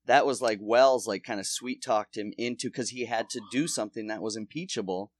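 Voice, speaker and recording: A man's voice: on the low side, a little fast, dry recording. A man with a cold chatting casually and rambling with friends. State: has a cold. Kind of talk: casual podcast chat.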